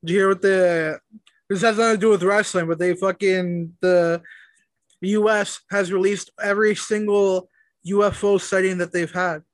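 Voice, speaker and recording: High-voiced man co-hosting a podcast, dry sound. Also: steady tone, normal speed, no room sound. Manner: easygoing, laughs along with the host. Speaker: podcast co-host. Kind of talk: casual comedy podcast chat.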